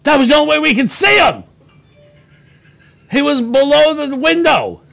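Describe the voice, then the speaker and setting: A middle-aged man hosting a livestream, telling stories in an animated, laughing way. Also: extremely high pitch, normal speed, creaky, no echo. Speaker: show host. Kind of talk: casual storytelling on a livestream.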